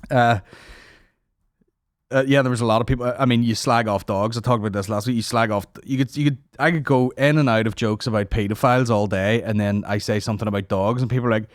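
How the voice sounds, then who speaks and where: A man's voice: fairly low pitch, fairly even intonation, quick pace, dry recording. Sweary thirtysomething guy ranting on his comedy podcast, rambly and sarcastic, dry close studio mic. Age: 30s. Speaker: podcast host. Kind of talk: casual comedy podcast rant. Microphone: studio microphone.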